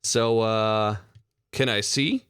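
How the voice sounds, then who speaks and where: A man voicing a friendly but shrewd male tavern bartender, talking in a folksy, chummy, drawn-out way. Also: lowish voice, a bit bright, clean tone, dry recording, clean studio sound. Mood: wary.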